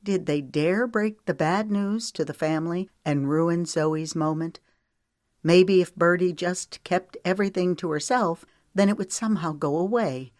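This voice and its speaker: A woman's voice: low-pitched, no room sound, clean studio sound. A woman narrating a romance audiobook and giving the characters' lines light shifts in voice. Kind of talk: scripted narration.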